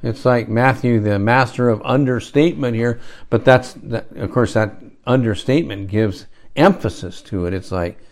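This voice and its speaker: A man's voice: medium pitch, normal speed. A man preaching a conversational sermon, rambling along with restarts and rhetorical asides.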